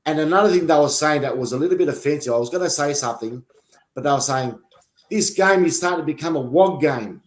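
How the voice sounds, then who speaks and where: Brief: Australian male co-host, fairly high voice, animated and defensive in banter. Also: fast. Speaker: podcast co-host. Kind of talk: casual sports banter.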